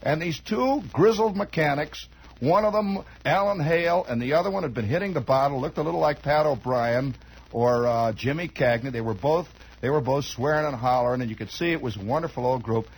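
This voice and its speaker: High-voiced, very husky man spinning a yarn. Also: a little fast, rough recording. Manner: digressive, chatty, many asides and restarts. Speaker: storyteller. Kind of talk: rambling comic storytelling monologue.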